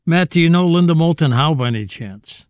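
A man's voice: a little high, lively intonation, brisk, no room sound. A man hosting an interview, asking his guests direct questions. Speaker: host.

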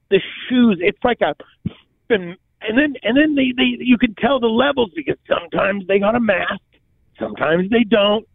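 A man with a high voice rambles along in slangy, halting casual chat, restarting his sentences often. He is heard over a thin, phone-like line with no room sound at all. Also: creaky, no room sound. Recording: tinny phone line, dry.

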